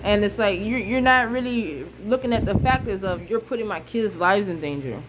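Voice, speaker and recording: A woman's voice: mid-range voice, animated, normal speed, noisy background. A young woman venting on a vlog, frustrated and blunt, repeating herself and swearing freely. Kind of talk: emotional casual monologue.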